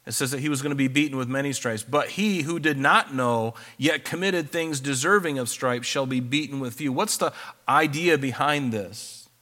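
Bright-voiced man preaching. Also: medium pitch, normal speed. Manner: reads scripture aloud, then explains it conversationally. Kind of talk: sermon.

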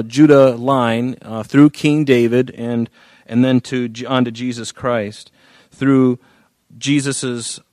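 A man's voice: medium pitch, a little mellow, no echo. A man preaching and teaching through a Bible chapter in a conversational way, with frequent fillers and restarts, lifting his voice when he reads scripture aloud. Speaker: pastor.

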